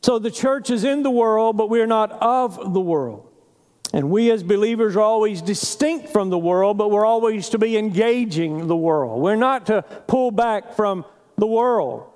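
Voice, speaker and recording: A male pastor preaching a sermon earnestly, pausing for emphasis. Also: high-pitched, lively intonation, a little mellow, long reverb tail.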